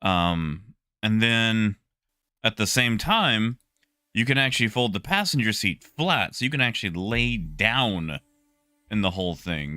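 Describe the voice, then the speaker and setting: A young man casually chatting with his stream viewers, relaxed and talkative, greeting people by name. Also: mid-range voice, no room sound. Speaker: livestreamer.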